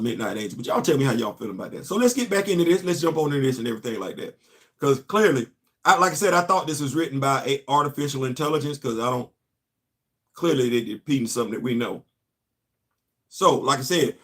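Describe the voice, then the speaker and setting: A middle-aged man, hosting casual comics commentary, talking straight to viewers and often getting loud and excited. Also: medium pitch. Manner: animated, talks straight to the audience, rising to loud exclamations. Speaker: host of a comics commentary channel.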